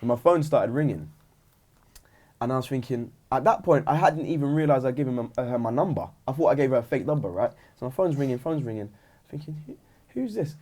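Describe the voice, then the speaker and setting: A man's voice: medium pitch, fast. A young man with a British accent, telling a story in casual podcast chat and acting out what people said. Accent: British English. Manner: animated, acts out quotes, says "bro" and "right?". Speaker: podcast co-host.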